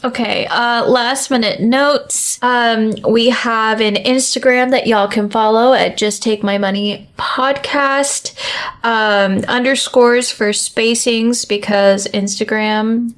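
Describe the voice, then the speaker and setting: Young female co-host, slow, slightly high voice, loose rambling chat full of laughs. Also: fairly even intonation. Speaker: podcast co-host. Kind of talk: casual chat.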